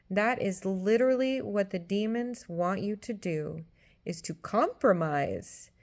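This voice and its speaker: Emphatic Gen X woman preaching. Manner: emphatic, acts out voices with big pitch jumps. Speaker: Christian teacher. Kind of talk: teaching sermon.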